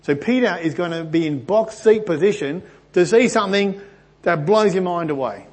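Earnest husky preacher man. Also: normal speed. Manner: earnest and animated, often rising in pitch and volume. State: clearing a stuffy throat. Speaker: pastor. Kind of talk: Bible teaching.

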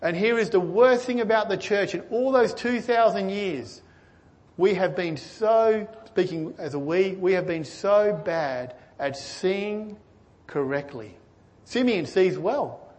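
A man preaching a sermon, earnestly asking his listeners questions and swinging between excited and hushed delivery. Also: high-pitched, takes it slowly. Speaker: pastor.

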